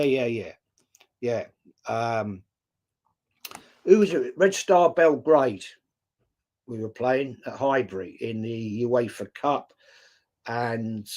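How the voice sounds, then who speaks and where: Chatty sixty-something English man. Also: mid-range voice. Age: 60s. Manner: chatty storyteller, swears casually, greets viewers by name. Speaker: live stream host. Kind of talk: casual chat reading viewer comments.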